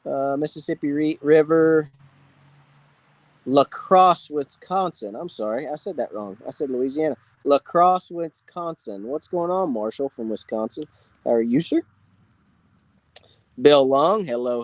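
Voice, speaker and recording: A man's voice: fairly high pitch, animated, unhurried, no room sound. A man hosting a casual live fishing Q&A, greeting viewers by name. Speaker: fishing channel host. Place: outdoors by a campfire.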